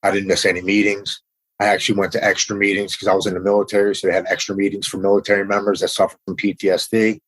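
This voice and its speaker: A middle-aged man speaks in a somewhat low voice as a podcast guest. He tells his personal recovery story candidly and with feeling, and he often says "man" as he goes. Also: completely flat delivery, fast talker, fairly bright tone, poor audio.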